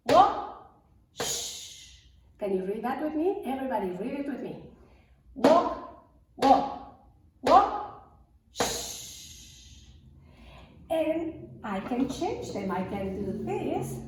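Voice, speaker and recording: A woman's voice: on the high side, noisy background. Sing-song woman teaching music to small children. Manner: slow, sing-song, encouraging call-and-response. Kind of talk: lesson for young children. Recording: echoey room, mic far off.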